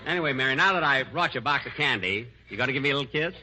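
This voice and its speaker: A man's voice: mid-range voice, expressive, rapid-fire. Middle-aged guy in 1940s radio comedy, vain and huffy, voice swoops up and down, heavy hiss on the old recording. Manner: vain, exasperated comic timing. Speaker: comedian host. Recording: noisy 1940s radio broadcast.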